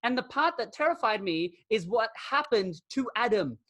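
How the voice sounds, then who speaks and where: A man hosting a casual fan podcast, talking in an animated, chatty way full of "like" fillers. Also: sits high, moderate pace. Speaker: podcast host. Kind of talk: casual chat.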